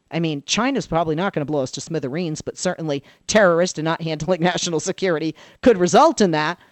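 A woman political commentator, a guest on a radio talk show, telling an animated story and acting out the dialogue she quotes. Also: low-pitched, no room sound.

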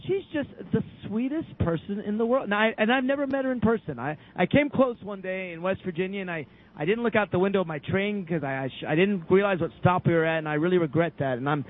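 A man co-hosting casual radio talk, effusive and quick to laugh. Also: sits high. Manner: effusive, warm praise, laughs easily. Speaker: co-host. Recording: tinny phone line.

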